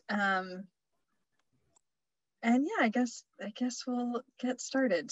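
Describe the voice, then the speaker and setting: A woman's voice: medium pitch, fairly bright tone, no room sound, muffled recording. A woman presenting a wellness workshop over a webinar, chatty and loose, with many fillers and restarts.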